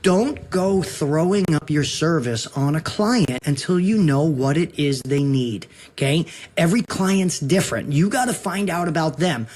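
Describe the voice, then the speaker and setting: A husky-voiced man coaches realtors, laying out his rules with punch and lots of emphasis. His pitch rises and falls in a lively way as he works the point. It is a sales talk, direct and energetic. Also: a little slow. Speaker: real estate broker and guest.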